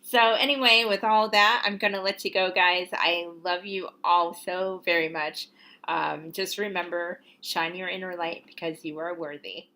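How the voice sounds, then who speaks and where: This channel host, a young woman, reads oracle cards in a casual spiritual video, rambling with ums and little laughs while staying encouraging. Her voice is lowish, bright and forceful, with a steady tone and moderate pace. Slight background noise is present.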